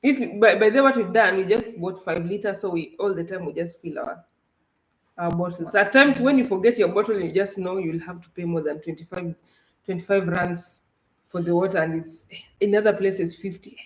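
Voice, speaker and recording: Kenyan woman vlogging about travel, animated and chatty, echoey room. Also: fairly low pitch, a little fast. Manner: animated, with restarts and laughs. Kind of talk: casual livestream chat.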